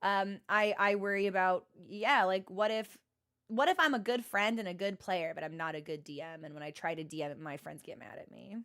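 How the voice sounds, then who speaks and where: A woman's voice: medium pitch, moderate pace, fairly bright tone, clear, resonant tone. A young woman streaming and chatting with viewers, rambling and self-deprecating, often restarting her sentences. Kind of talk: casual chat with stream viewers.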